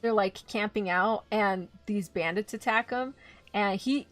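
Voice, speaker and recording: A woman streaming live, casually recapping an anime, animated and swearing freely as she acts out quick quotes. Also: medium pitch, faint music behind. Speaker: VTuber streamer.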